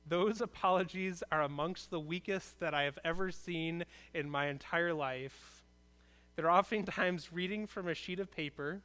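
A male pastor gives a relaxed, conversational sermon in a church, earnest and plain-spoken. His voice is smooth and resonant and sits a little high, and he often circles back over his own words before going on. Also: normal speed. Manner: conversational, earnest preaching with frequent restarts.

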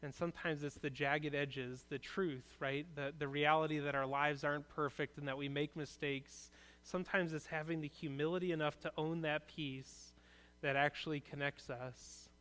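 Male pastor, earnest conversational preacher, fairly high smooth voice, speaking in a church. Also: steady tone, moderate pace, fairly bright tone. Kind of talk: sermon.

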